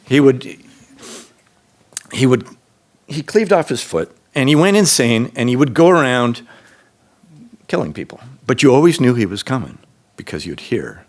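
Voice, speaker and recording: Animated man telling a story on stage. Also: moderate pace, long pauses. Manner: animated, jumps to a high excited voice when quoting himself; casual, with fillers and restarts. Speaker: storyteller at a live story slam. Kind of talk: unscripted personal storytelling to a live audience. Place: stage in a public venue.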